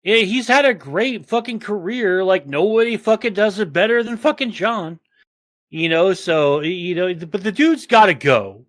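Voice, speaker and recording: A man hosting a podcast in casual chat, swearing constantly and rambling in an animated way. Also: high-pitched, normal speed, dry recording. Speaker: podcast host.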